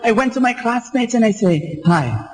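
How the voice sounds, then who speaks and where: A man with a Filipino accent preaching a sermon, telling a story earnestly and slowing down to stress key points. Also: extremely high pitch, darkish tone, rough recording. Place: church or radio broadcast.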